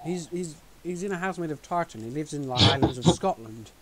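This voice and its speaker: A man's voice: a little high, expressive, fairly quick, crowd noise. A man co-hosting a casual podcast chat, full of teasing jokes and banter. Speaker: podcast co-host.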